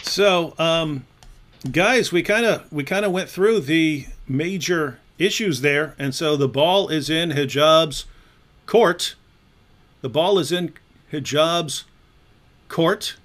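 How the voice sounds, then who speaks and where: Sarcastic male co-host of an online discussion, talks mockingly in a fairly high voice. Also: takes it slowly, a bit bright.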